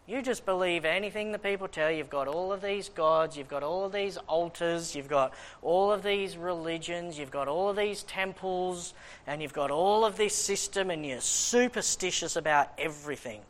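A man with a high, light voice teaches from the Bible as a preacher. He reads verses in a slow, measured way and breaks into animated, conversational asides. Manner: animated, reads scripture slowly, acts out listeners' questions.

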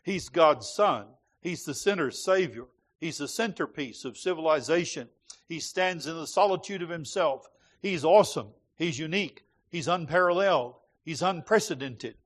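A male preacher delivers a sermon with a rhythmic, emphatic cadence. His voice sits a little higher than most men's. He speaks to a congregation in a church sanctuary. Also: animated, normal speed, a bit bright.

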